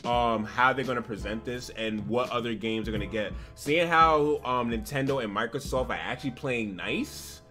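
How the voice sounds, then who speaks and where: A man hosting a casual gaming podcast livestream, animated, laughing often and reading out donations. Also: medium pitch, moderate pace, few pauses, soft background music. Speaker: podcast host.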